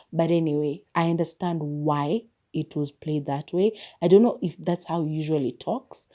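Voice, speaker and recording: A woman, hosting a podcast and chatting casually through a movie review, expressive and quick to laugh. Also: low voice. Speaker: podcast host.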